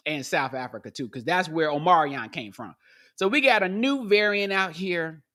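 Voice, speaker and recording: A man hosts a podcast with a loose, comedic monologue, leaping from high yelps to low mutters and adding goofy sound effects. His voice is bright, forceful, and expressive, with wide pitch swings, delivered at a normal speed.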